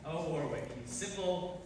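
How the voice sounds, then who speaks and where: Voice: medium pitch, close to an everyday voice. A performer playing a scheming chef who puts on a bad French accent, with hammy, evasive delivery. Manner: hammy, evasive, nervous laughter. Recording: echoey room, distant mic, faint noise.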